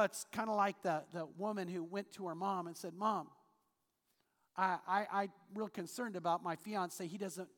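A man's voice: sits high, a bit bright. A man preaching a sermon as pastor, earnest and storytelling, reading scripture aloud in a church auditorium. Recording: long hall reverb.

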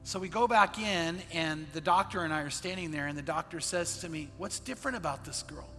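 A man, a pastor, telling a personal story in a sermon, earnest and dropping quiet in the sad parts. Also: fairly high pitch, fairly quick, big-room sound, soft background music. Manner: earnest storyteller, quotes others in his own voice, drops quiet in sad parts.

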